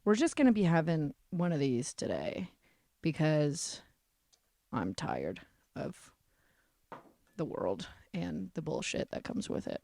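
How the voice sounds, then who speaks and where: This young woman hosts her own podcast solo, her high-ish voice swooping wildly at a moderate pace. She's sarcastic and self-deprecating, swears freely, and sounds a bit stuffy from a cold. The studio recording is clean, with no echo.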